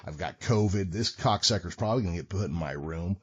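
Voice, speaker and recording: A podcast host tells a story in a fairly low voice, profane and wry. His delivery is casual and animated. The audio sounds muffled and lo-fi. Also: fast talker, slightly rough.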